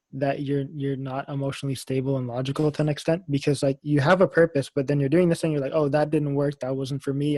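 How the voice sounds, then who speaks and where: A man co-hosting a casual podcast, telling a story in an animated way and swearing casually. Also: fairly high pitch, dry recording. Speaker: podcast co-host.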